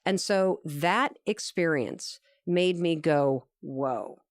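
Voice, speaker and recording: A woman's voice: lowish voice, normal speed, no echo, clean studio sound. A woman telling an earnest, emphatic story as a guest in an interview conversation. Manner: animated, acts out quoted dialogue.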